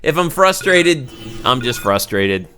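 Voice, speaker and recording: Man, southern accent, let's play host, frustrated outbursts, bright tone, faint music. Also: medium pitch, very animated, unhurried. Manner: frustrated, talks to viewers, loud outbursts. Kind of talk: gameplay commentary.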